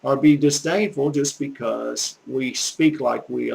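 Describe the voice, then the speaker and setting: An older man from the Gulf Coast of the American South, a language teacher, tells folksy, earnest stories in a casual, rambling monologue that turns preachy. His mid-range voice is gravelly and darkish, with huge pitch swings at a measured pace, captured in a low-quality recording.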